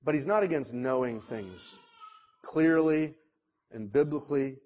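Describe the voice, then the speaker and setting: A man's voice: mid-range voice, measured pace. A man preaching a sermon, emphatic and rhetorical, slipping briefly into mocking voices of the people he quotes. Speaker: pastor. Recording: dull lo-fi sound.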